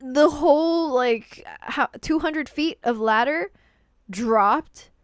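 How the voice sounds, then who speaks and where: In a high-pitched voice and at a slow pace, a woman gives casual live-stream commentary while reacting to a movie, rambling and repeating words as her sentences trail off. The sound is clean studio audio with no room sound.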